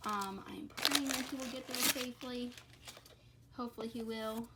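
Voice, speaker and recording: A reptile keeper vlogger films a casual how-to on her phone at home, indoors, rambling with lots of "um"s and correcting herself. Her voice is a little high at normal speed, and the recording is very noisy.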